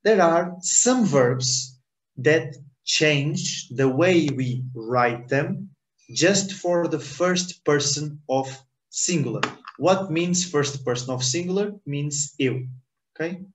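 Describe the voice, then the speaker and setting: Unhurried male language teacher, echoey room. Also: fairly high pitch, lively intonation, a little hiss or hum. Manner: explains in English, repeats words slowly, often checks with "ok?". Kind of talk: online language lesson.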